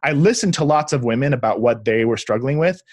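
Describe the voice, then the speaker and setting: A young adult man speaks as a podcast guest, telling stories with real enthusiasm and acting out the voices of the people in them. His voice sits at a middle pitch. The sound is dry, with no room echo. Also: expressive, a little fast, a little mellow. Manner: enthusiastic, acts out quoted speech. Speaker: guest, relationship researcher. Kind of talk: conversational storytelling.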